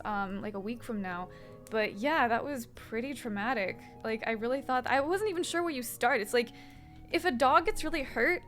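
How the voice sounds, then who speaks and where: A young woman with a bright, high-pitched voice talks casually to her viewers from home while applying makeup. She rambles loosely and swears freely, and faint music plays behind her. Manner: rambling and profane, chatting with viewers. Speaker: streamer. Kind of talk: casual chat while doing makeup on stream.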